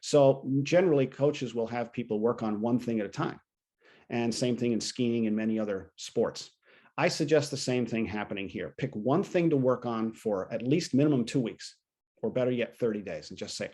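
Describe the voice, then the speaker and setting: A man leads a coaching session over a video call, talking in a plain conversational way and slipping into short quoted lines from clients. His voice sits at an ordinary middle pitch for a man. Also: lively intonation, moderate pace, darkish tone, husky. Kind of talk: teaching a training session.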